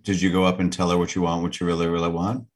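A man co-hosting a casual podcast chat in a very low voice with a husky edge. He tosses in dry, deadpan quips. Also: racing. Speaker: podcast co-host.

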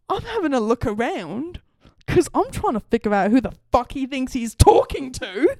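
A woman's voice: on the high side, sing-song, moderate pace, no room sound, studio quality. A young woman telling a story in casual chat, laughing often and swearing. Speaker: podcast co-host.

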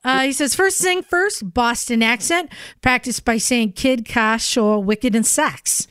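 A woman's voice: fairly high pitch, unhurried, a bit bright, clear, resonant tone, dry recording, studio quality. A woman hosting a casual podcast chat, reading listener emails aloud in an upbeat, chatty way with asides. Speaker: podcast host.

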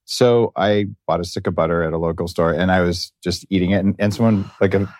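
Low-voiced man hosting a rambling chat. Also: steady tone, a little fast, a little mellow, no echo, clean studio sound. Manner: rambling, tangential, self-interrupting. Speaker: podcast host. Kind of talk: casual interview chat.

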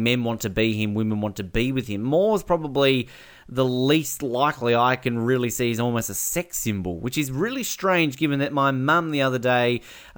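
A man's voice: medium pitch, fairly bright tone, clean tone. A man co-hosting a podcast in casual chat, rambling and laughing often. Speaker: podcast co-host.

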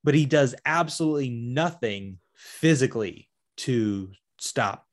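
Here a man's medium-pitched, animated voice moves at a measured pace as he casually discusses a film he saw on a podcast. As he goes, he performs the characters' lines himself.

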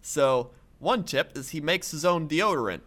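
A man tells a long, rambling anecdote in casual podcast chat and keeps stopping to laugh. His voice is bright and sits a little high. His pitch moves a lot as he strings his story together with fillers. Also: lively intonation, normal speed. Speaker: podcast co-host.

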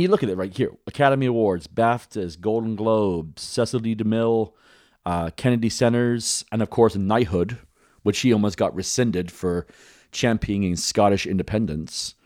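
A man's voice: on the low side, darkish tone, no echo, studio quality. A man co-hosting a podcast, chatting casually, rambling and swearing now and then. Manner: rambling, swears casually, laughs at own jokes. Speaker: podcast co-host. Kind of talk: casual chat.

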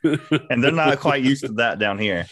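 A man's voice: medium pitch, lively intonation, a little slow, fairly bright tone, no echo. A young man with a Southern accent and a lisp, telling a rambling story at speed as a podcast co-host, laughing and swearing often. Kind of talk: casual chat.

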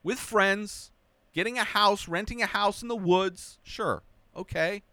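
A young man hosting a casual spoken movie review, animated and mocking, now and then dropping into a high whiny voice to mimic characters. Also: a little slow, vocal fry, no room sound.

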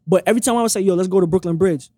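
A man's voice: sits high, very fast, dark tone, no echo. A young man telling a personal story in blunt, profane casual talk, acting out the dialogue as he goes.

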